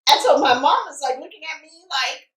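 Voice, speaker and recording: A woman vlogger telling a story animatedly, sometimes dropping into quiet asides. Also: high-pitched, expressive, fast. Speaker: mukbang vlogger. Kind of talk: casual storytime. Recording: echoey room, distant mic.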